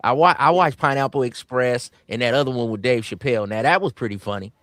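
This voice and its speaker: A man's voice: medium pitch, fast talker, a crowd in the background. A middle-aged man casually telling stories in a laid-back, slangy way as a podcast co-host. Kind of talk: casual group chat.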